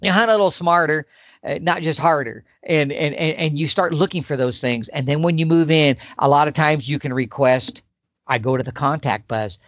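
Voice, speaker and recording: Animated man coaching on elk calling. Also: fairly high pitch, dry recording, lo-fi sound. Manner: animated and emphatic, acts out elk calls. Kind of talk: instructional podcast chat.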